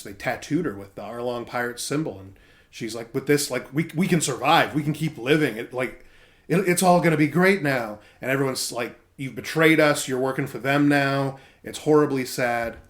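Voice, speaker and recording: A man co-hosting a casual podcast, animatedly retelling a story and slipping into quoted voices as he goes. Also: mid-range voice. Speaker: podcast co-host recapping a manga. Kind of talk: casual chat.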